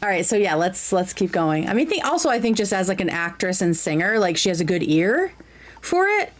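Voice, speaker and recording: A woman's voice: mid-range voice, very animated, fairly quick. A woman streamer chatting casually while reacting to a clip, bubbly and giggly, who slips into fluent French.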